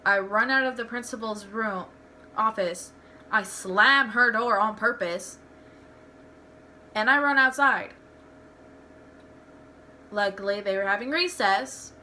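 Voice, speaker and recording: A young woman tells personal stories in a rambling home vlog, candid and often restarting sentences. She speaks at medium pitch, slowly with long pauses, in a bright, forceful tone. There's a little hiss or hum.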